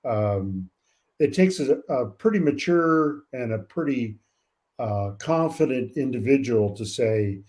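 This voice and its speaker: An older man with a warm, mellow voice speaks slowly and reflectively, often pausing to gather his thoughts. He is from California and sounds like a veteran coach chatting as a guest. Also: medium pitch, lively intonation. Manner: measured and reflective, many "uh" pauses. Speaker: college track coach, guest. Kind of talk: casual interview talk.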